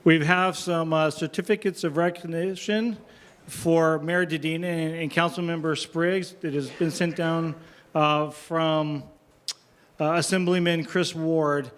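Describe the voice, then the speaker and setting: A man's voice: on the high side, fairly even intonation, a little slow, fairly bright tone, clear, resonant tone. A man chairing a city council meeting, calling up speakers with lots of hesitant fillers. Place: council chamber.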